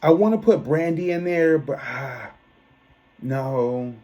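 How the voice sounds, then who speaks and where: A man, giving a chatty, expressive album review that often trails off and restarts. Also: on the high side, slow pace, dull audio. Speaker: tarot reader and music reviewer. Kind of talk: casual album review monologue.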